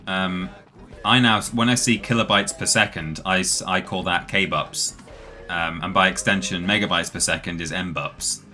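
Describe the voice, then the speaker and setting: Deep, bright-voiced male game streamer. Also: fairly even intonation, unhurried, soft background music. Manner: chatty, self-amused asides. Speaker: streamer host. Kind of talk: casual gaming commentary.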